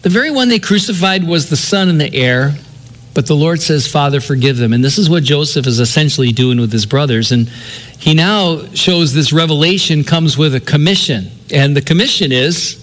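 Earnest preaching man, slightly high voice. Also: expressive, moderate pace, a bit bright. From Southern California. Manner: earnest, conversational preaching with restarts. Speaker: pastor. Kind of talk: sermon.

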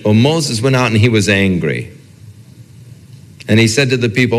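A low-pitched man delivering a sermon from the pulpit, preaching in an easy, conversational way. He slips into the voices of the people he quotes. His voice rings out with a long reverb in a large church hall. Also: expressive, moderate pace, pauses often. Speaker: pastor.

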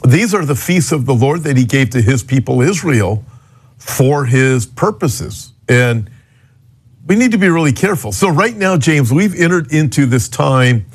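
Brief: male pastor co-host, mid-pitched, earnest and explanatory radio talk. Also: expressive, measured pace.

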